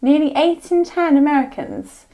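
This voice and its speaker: A woman's voice: sits high, animated, normal speed, dark tone. A woman co-hosting a casual podcast, chatty and giggly, reading out facts. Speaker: co-host.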